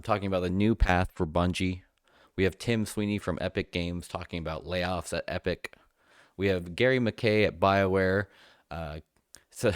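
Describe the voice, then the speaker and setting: This man has a very low voice. He presents mock awards on a live stream in a halting, emotional way, full of fillers and restarts. The sound is dry and close to the mic. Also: smooth, no echo. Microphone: close mic, voice-over without camera.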